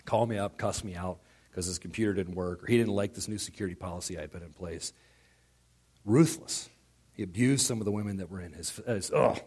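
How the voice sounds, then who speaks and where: A man preaching a sermon as pastor, animated and quick to act out what others say, often restarting his words. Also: low-pitched, slightly rough. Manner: animated, acts out quoted voices, frequent stammered restarts.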